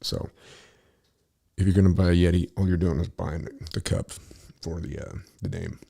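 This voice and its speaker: A man's voice: low voice, normal speed, gravelly, mellow, husky. A man telling a long, rambling story in casual talk, profane and easily sidetracked.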